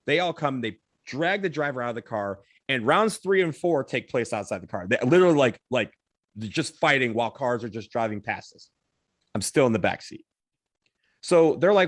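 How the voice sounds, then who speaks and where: A man spinning a story on a podcast in a loose, animated way, now and then swearing. His voice sits at an ordinary middle pitch. The sound is close and dry, with no room around it. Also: moderate pace, dry recording. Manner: animated, swears, acts out others' lines. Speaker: podcast co-host. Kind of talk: casual storytelling.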